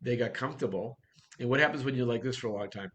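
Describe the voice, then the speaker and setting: A man's voice: medium pitch, quick pace, a bit bright. A man coaching real estate agents in a workshop talk, blunt and direct, firing off rhetorical questions.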